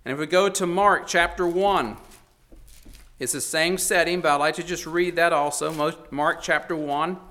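A man's voice: on the high side, moderate pace, bright, forceful tone. A man preaching a sermon in an earnest, emphatic way, his voice swelling and dropping for emphasis.

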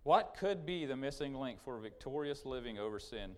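A man preaching a sermon, emphatic and repetitive, swinging from loud urgent points to quiet asides. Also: medium pitch, lively intonation, moderate pace. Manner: emphatic, repetitive restarts, rising and falling sharply.

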